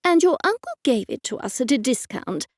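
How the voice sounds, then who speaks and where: A woman's voice: high voice, sing-song, brisk, dry recording, clean studio sound, full character voice. A woman voicing a bustling, chatty older aunt playing hostess in an audiobook.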